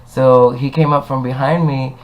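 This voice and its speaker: A man's voice: mid-range voice, steady tone, moderate pace, dull audio. A young man talking casually to a webcam, rambling and swearing as he tells stories. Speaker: vlogger. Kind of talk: casual chat.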